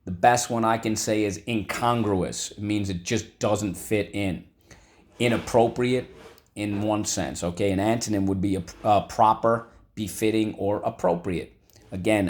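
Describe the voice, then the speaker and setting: A man teaching a vocabulary lesson from home, repeating words slowly for students to echo. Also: on the low side, fairly even intonation. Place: home room.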